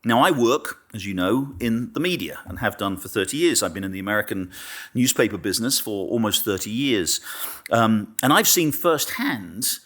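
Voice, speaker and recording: A man's voice: lowish voice, animated, moderate pace, fairly bright tone. A British man in his fifties, a journalist and author, giving a public lecture in a dry, self-deprecating way with frequent ums and restarts. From Britain.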